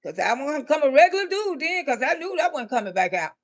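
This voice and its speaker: A woman comedian telling a story live, animated and laughing often, cursing freely. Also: sits high, brisk.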